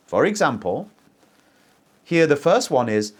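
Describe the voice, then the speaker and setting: A man teaching English as a native speaker, modelling sentences for learners to repeat in a pronunciation lesson. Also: on the low side. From English-speaking country. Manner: very lively teacher intonation, slow deliberate pacing.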